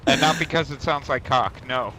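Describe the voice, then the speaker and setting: Guy tossing off dry jokes, crackly noisy mic, mid pitch voice. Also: moderate pace. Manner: dry, joking asides. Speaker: co-host streamer. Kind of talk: casual gaming chat. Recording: crackly audio with background noise.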